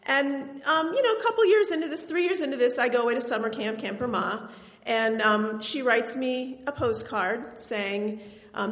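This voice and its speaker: Woman storyteller, higher voice, wry and chatty, long hall reverb. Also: lively intonation, normal speed, fairly bright tone. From Tennessee, US South. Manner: conversational, wry and laughing. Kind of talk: personal storytelling on stage.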